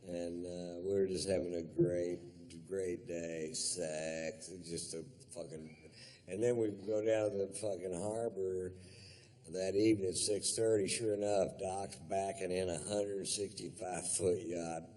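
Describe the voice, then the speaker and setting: A male stand-up comedian with a somewhat low voice tells a long story. His delivery is laid-back and rambling, full of profanity and fillers. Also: steady tone, a little slow, mellow, slight background noise.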